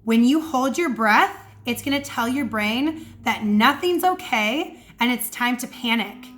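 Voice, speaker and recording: Female swim coach, high bright register, energetic casual teaching from home. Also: a little slow. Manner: energetic, demonstrates breathing sounds. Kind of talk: casual instructional talk to camera. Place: at home indoors.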